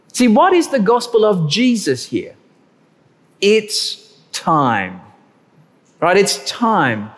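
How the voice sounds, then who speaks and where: Male preacher, lively pitch, drawn-out emphasis on key words, echoing church hall. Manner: animated, stretches key words slowly for emphasis. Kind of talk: sermon. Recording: long hall reverb.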